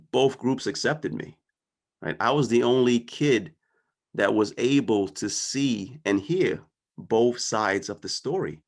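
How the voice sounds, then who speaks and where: Earnest man telling a personal story. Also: fairly low pitch. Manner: earnest, conversational, often checks in with "right?". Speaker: guest speaker.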